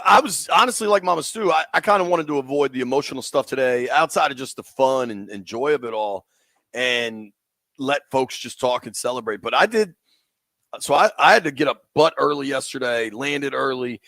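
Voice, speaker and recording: A man in his forties hosting sports talk radio, excited and rambling in casual banter. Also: medium pitch, no room sound. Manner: excited, rambling, laughs easily.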